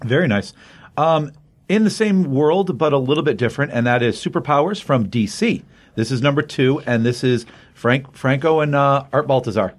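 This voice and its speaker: A man's voice: medium pitch, normal speed. Enthusiastic man recapping comics. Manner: enthusiastic, rambling with fillers and restarts. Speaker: comic book podcast co-host. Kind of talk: casual chat, recapping a comic.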